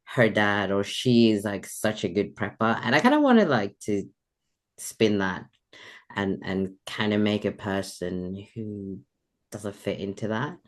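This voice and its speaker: A man's voice: lowish voice, expressive, measured pace. A man in his thirties with a British-sounding accent, chatting as an author guest in a casual, rambling way, laughing often. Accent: British-sounding English. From Sweden. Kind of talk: casual podcast interview.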